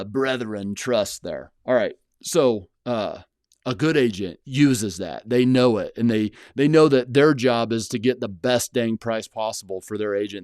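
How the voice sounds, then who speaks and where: A man's voice: lowish voice, darkish tone, no room sound, studio quality. A man hosting his own channel, talking casually and bluntly to the camera, rambling with many fillers and restarts. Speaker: channel host, house flipper. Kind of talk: casual solo talk to camera.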